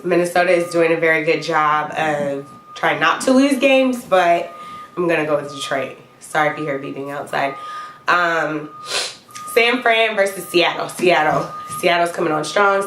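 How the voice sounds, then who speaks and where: A woman's voice: sits low, a bit bright, a little hiss or hum. A woman with a cold, coughing now and then, chatting casually through her football picks with little laughs and the odd "y'all". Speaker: vlogger giving football picks. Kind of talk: casual to-camera picks vlog. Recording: echoey room.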